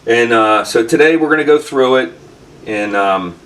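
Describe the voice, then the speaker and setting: A man's voice: mid-range voice, moderate pace, a bit bright, recorded from a distance. A man hosting a casual vlog, telling a story in a rambling way with many fillers and restarts in his workshop. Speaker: channel host.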